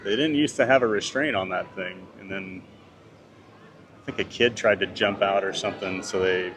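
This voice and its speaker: Guy live streaming at a theme park, casual chat, reads comments out loud, faint noise behind. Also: low voice, moderate pace. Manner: chatty, reads viewer comments aloud and answers them.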